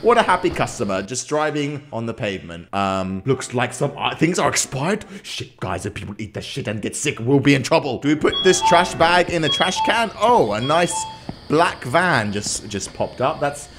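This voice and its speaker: A man giving loud, crude, mock-rude running commentary while playing a game. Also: medium pitch, sing-song, moderate pace, a crowd in the background. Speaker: gaming YouTuber. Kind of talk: let's play commentary.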